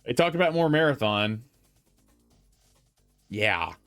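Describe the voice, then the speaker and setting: A man's voice: mid-range voice, sing-song, slow, fairly bright tone, soft background music. Rambling young man giving gaming opinions. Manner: rambling, conversational, lots of fillers and self-corrections. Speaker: gaming commentator. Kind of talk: casual opinion commentary.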